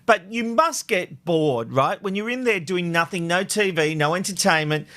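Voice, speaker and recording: A man's voice: high voice, animated, moderate pace, bright, forceful tone. A man hosting a casual recap chat show, playful and gushing with compliments. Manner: gushing and playful, hands over to clips. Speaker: podcast host.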